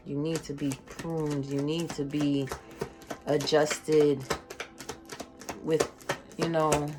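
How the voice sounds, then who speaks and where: Woman tarot reader, low voice, unhurried, emotional and slangy, faint music behind. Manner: emotional, slangy, swings from loud excitement to soft near-whispers. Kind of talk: casual tarot reading monologue.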